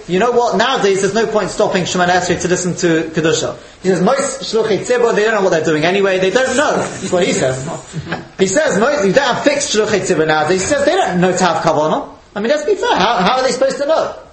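A man's voice: high voice, animated, quick pace, a crowd in the background. A man giving an informal lesson on Jewish law, chatty and laughing often as he acts out questions. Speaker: Torah teacher. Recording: echoey room.

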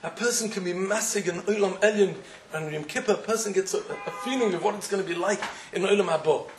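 A man's voice: high-pitched, fast, reverberant, noisy background. A man giving a sermon as a rabbi, with an impassioned manner that builds into emphatic questioning.

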